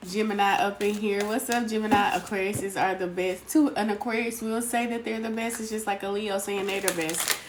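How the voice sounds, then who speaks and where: A woman chats through a live tarot reading stream, greeting viewers by name. Her voice sits at an ordinary middle pitch. The home recording carries clear background noise. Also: fairly even intonation, fairly quick. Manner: chatty, greets viewers by name, calls them sweetheart. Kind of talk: casual live-stream chat.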